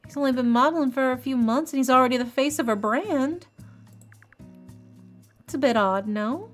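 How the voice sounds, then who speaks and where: A woman's voice: sits high, moderate pace, soft background music, pitched above the performer's own voice, natural voice. A woman voicing a gossipy young Southern belle woman with a put-on Southern accent, reading her lines aloud. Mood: fretful gossip. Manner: sweet, chatty, gossipy.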